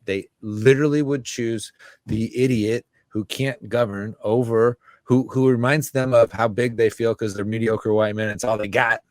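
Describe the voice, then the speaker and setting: A man's voice: on the low side, normal speed, no echo, clean studio sound. A man from the United States, an interview guest, talking casually and with passion, swearing freely and acting out other people's voices. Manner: animated, profane, acts out voices of others. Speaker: guest, writer and musician. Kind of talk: casual impassioned interview talk.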